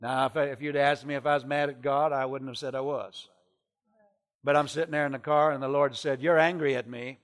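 A middle-aged man, a traveling preacher, telling a story in a sermon and swinging from hushed tones to shouting. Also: mid-range voice, fairly even intonation, brisk.

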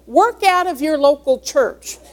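A woman's voice: sits high, animated, measured pace. A woman preaching a sermon, reading scripture aloud and earnestly explaining its words to her congregation. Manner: earnest, teaching, explains each word.

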